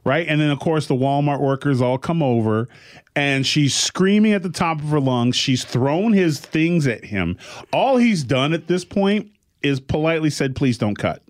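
Animated middle-aged man telling a story. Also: a little high, moderate pace. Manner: animated storyteller, acts out quoted voices. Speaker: podcast co-host. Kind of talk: casual chat.

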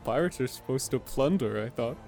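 A man's voice: mid-range voice, lively intonation, brisk, creaky, a little mellow, faint music behind. A man playing a tabletop game, playful and egging the others on. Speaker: player. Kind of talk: casual tabletop role-play.

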